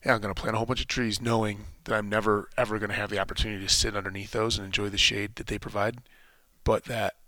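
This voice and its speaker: A man's voice: on the low side, flat delivery, fast, sharp tone, dry recording. A man in a casual spoken monologue, thinking aloud and rambling with frequent restarts.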